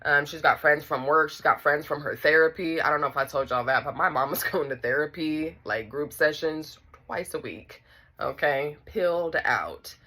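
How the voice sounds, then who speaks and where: Low, bright-voiced woman telling a story. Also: moderate pace. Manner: animated, talks straight to viewers. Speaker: vlogger telling a personal story. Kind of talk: casual storytime.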